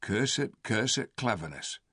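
A man's voice: fairly low pitch, sing-song, takes it slowly, sharp tone, husky, no echo, clean studio sound, exaggerated voice. A man voicing a blunt male dwarf who grumbles bitterly in a storybook reading.

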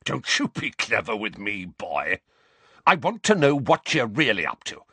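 A red-faced, blustering middle-aged uncle snarls and barks in loud, strained bursts that leap far above a normal speaking voice, as a male narrator puts him on. The tone is husky and the sound close and dry, like an audiobook read in a dead booth. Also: lowish voice, sing-song, unhurried, no echo, voice pushed up, heavily acted.

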